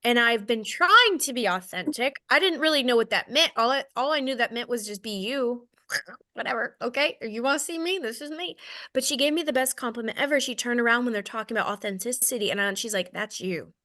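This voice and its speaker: Speaking a little high, brisk and sharp, this thirty-something Southern American woman delivers a relaxed, frank sales training talk. She is self-deprecating and keeps asking "okay?"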